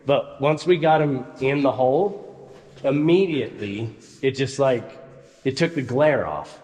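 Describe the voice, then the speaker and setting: A man's voice: medium pitch, measured pace, darkish tone. A man chatting casually on a vlog about his workshop build, talking in an easygoing, joking way. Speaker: vlogger. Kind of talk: casual chat. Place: unfinished shop building. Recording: echoey roomy shop with long reverb.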